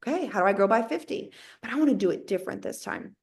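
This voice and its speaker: A woman with a Southern accent, around her thirties, giving an animated motivational talk to her sales team and acting out her own inner voice as she talks. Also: mid-range voice, quick pace. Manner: animated, talks to herself and the listener, plays out inner dialogue. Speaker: network marketing team leader.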